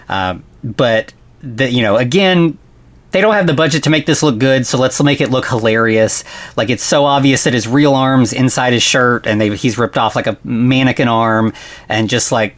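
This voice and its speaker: A man hosting a podcast who recaps a film in casual, rambling chat, full of "like" and "you know" and quick laughs. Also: medium pitch. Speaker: podcast host.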